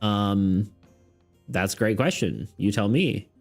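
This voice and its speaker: A man's voice: on the low side, takes it slowly, faint music behind. A man narrating as game master in a casual, hesitant way, full of ums and little laughs. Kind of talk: narrating a tabletop game on stream.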